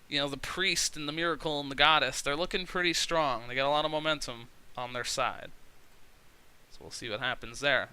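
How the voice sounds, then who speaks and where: A let's play commentator offers casual, rambling commentary on a wrestling management game, chatty and packed with fillers. His mid-range voice is bright and forceful, with a clean tone.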